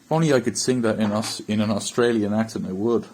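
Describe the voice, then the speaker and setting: Irish man, husky voice, blunt frustrated football rant, fan channel host. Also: on the low side, fast talker, darkish tone, rough recording. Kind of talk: ranting match review to camera.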